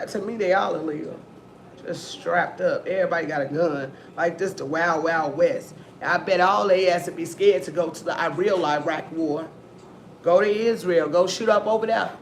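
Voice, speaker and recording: A woman hosting a casual commentary stream, telling stories in a rambling, profane, animated way. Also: lowish voice, vocal fry. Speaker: host of a news-and-commentary stream. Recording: echoey room, faint background noise.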